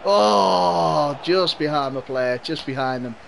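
A man's voice: fairly high pitch, normal speed, a bit bright, a little hiss or hum. A young man with a mild Liverpool Scouse accent, chatting with viewers and laughing often while he commentates a football video game. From Liverpool, England. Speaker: gaming streamer. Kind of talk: live gameplay commentary and chat with viewers.

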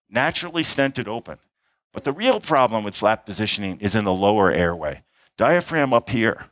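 A middle-aged man, an emergency physician and airway instructor, gives a conference talk in a hall, telling a case story with acted-out dialogue and sound effects. His voice is medium-pitched and fairly bright, and the recording is dry.

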